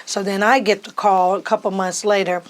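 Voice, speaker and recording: A middle-aged woman, a podcast guest, telling her life story in a lively, casual way and jumping high in pitch when she acts out what others said. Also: a little fast. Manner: animated, acts out quoted speech with big pitch jumps.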